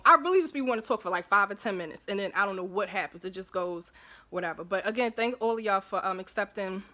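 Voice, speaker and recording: A chatty woman vlogger talks straight to her viewers. Her voice is bright and clear at a middle pitch, and she keeps checking in with her listeners. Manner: chatty, repeats "you know what I'm saying", laughs often. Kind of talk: casual talking to camera.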